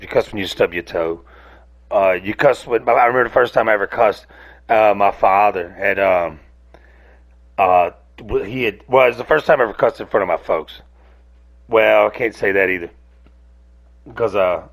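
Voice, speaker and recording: A man rants to his camera in a loose, rambling way, swearing freely and restarting his sentences. His voice has a gravelly edge and sits at an ordinary pitch. He is close to the mic. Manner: rambling, profane, many restarts. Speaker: host. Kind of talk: casual solo rant to camera. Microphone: camera on a device, close.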